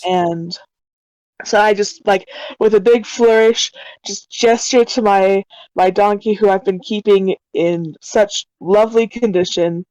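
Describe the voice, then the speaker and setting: A woman's voice: medium pitch, fairly even intonation, a little slow, darkish tone, no room sound, rough recording. A woman playing a tabletop game online, chatty and playful as she describes her character. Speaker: player.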